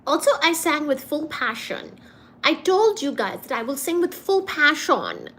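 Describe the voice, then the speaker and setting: A woman chats with her livestream viewers, reading their comments aloud and thanking them by name. Her voice sits high and swoops around a lot. She talks at an unhurried pace, laughing often and clearing her throat between remarks. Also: big pitch swings, fairly bright tone. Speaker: livestream host. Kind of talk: casual livestream chat.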